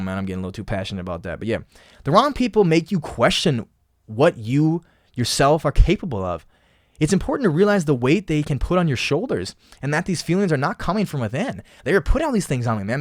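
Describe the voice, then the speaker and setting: A man's voice: a little high, very animated, fast, no echo, studio quality. A young man hosting a casual motivational podcast, talking solo in an impassioned, emphatic way and often repeating phrases. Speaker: podcast host.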